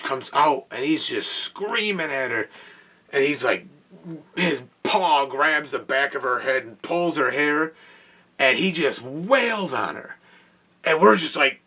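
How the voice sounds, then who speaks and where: A young man, host of a podcast, telling an animated work story in a casual way with exclamations and laughs. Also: mid-range voice, distant mic.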